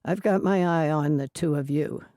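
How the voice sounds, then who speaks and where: A gruff male police detective, played by a woman narrator, speaks low and sternly. The tone is mellow and dark, recorded close and dry. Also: moderate pace, no echo, natural voice.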